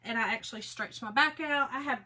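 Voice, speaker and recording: A woman's voice: fairly high pitch, fairly quick, bright, forceful tone, slight background noise. A woman, hosting a casual craft livestream and chatting folksily with viewers while she works.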